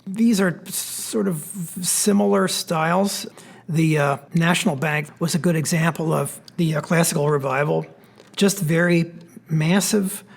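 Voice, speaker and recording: A man with a Pennsylvania accent, an architect giving a relaxed, explanatory slide lecture with plenty of fillers. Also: fairly high pitch, a little slow, creaky. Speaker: architect giving a history talk. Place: church hall.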